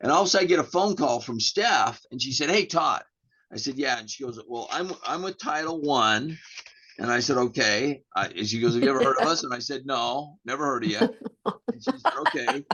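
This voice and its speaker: A real estate agent with an American accent, a podcast guest, tells a long story casually during an interview, rambling with restarts and acting out the dialogue. His mid-range voice is bright and forceful with big pitch swings and a brisk pace. The audio is dull and lo-fi.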